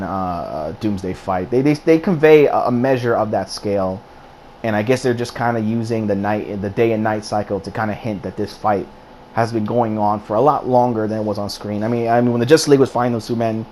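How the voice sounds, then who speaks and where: A man's voice: on the low side, a little mellow, slight background noise. Profane ranting male film reviewer. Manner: profane, ranting, repeats and restarts words. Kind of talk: casual spoken film review.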